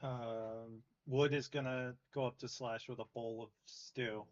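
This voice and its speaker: A man's voice: medium pitch, fairly even intonation, measured pace. Joking man player, lo-fi. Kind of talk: casual tabletop game play. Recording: dull lo-fi audio.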